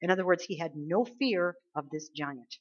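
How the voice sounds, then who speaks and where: A woman's voice: on the low side, expressive, moderate pace, breathy edge. A woman preaching a sermon, exhorting her listeners emphatically, with her volume rising and falling. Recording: slightly dull lo-fi recording.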